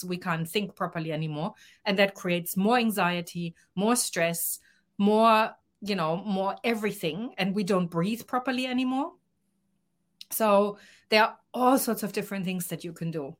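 A woman's voice: medium pitch, normal speed. Earnest woman coach explaining emotions. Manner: earnest, expressive, acts out quoted lines. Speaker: guest coach. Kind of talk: podcast interview.

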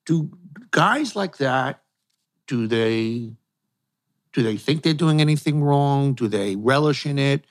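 A man hosting an interview, asking long questions in an earnest, halting way. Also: medium pitch, lively intonation. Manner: earnest, halting, searching for words. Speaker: host, interviewer.

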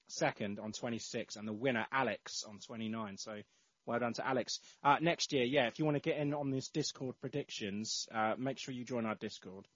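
A man's voice: mid-range voice, dry recording. A man hosting a casual football podcast, reading out listener entries with lots of ums and uhs. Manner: reads out listener entries with many fillers. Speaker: podcast host. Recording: slightly dull lo-fi audio.

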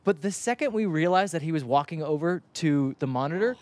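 Fast-talking animated soccer podcast host. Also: male voice, a little high, dry recording. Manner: animated, quick storytelling with acted-out quotes. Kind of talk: casual sports chat.

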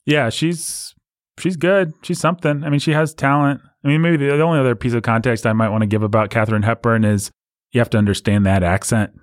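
A man's voice: mid-range voice, steady tone, a little fast, no echo, clean studio sound. A man hosting a casual film discussion, explaining at length with many restarts. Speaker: podcast host.

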